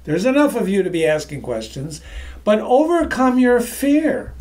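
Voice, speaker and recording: A man presenting a sales-training talk from his office, emphatic and energetic, moving around as he speaks and often addressing the audience as ladies and gentlemen. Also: sits high, moderate pace. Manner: moves around while talking.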